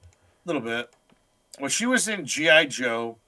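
A man's voice: mid-range voice, sing-song, a little slow, pushed and bright, no room sound. A man co-hosting a movie podcast, wisecracking and riffing in mock voices. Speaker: podcast co-host. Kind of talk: casual movie review chat.

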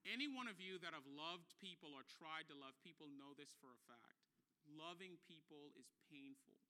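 High, bright, impassioned male preacher. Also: moderate pace. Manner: swings from quiet and intimate to loud, impassioned preaching; repeats phrases for emphasis, conversational asides. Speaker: pastor. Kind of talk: sermon.

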